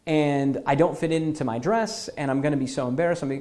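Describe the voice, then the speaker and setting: A man voicing an anxious woman who speaks haltingly and pleads for help losing weight quickly. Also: fairly high pitch, a little mellow, lightly acted. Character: anxious woman needing to lose weight fast.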